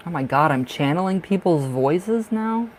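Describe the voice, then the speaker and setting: A man's voice: fairly high pitch, lively intonation, moderate pace, slight background noise, low-quality recording. A man from the northern United States giving live-stream tarot readings in a chatty way, laughing often and repeating himself. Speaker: tarot reader.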